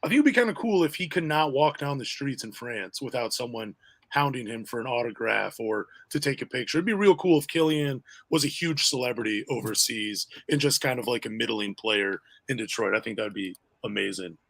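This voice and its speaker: A man's voice: mid-range voice, lively intonation, brisk, gravelly, a bit bright. A man hosting a casual sports podcast, chatty and full of questions for his co-host. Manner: chatty, asks questions, self-deprecating.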